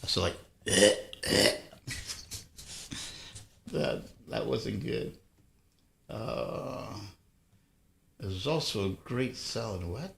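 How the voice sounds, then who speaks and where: Laid-back male streamer from Southern California, bright voice, slow relaxed talk, roomy echo. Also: lowish voice, creaky. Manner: easygoing storytelling, chuckles often. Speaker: live stream host reading viewer chat. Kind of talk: casual rambling chat with viewers.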